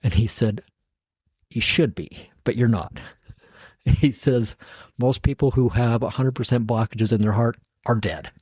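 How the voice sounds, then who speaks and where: Husky middle-aged man telling a story. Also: mid-range voice, measured pace, no room sound. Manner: animated storyteller acting out dialogue, chuckling at his own story. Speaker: podcast guest. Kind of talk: storytelling in a casual interview.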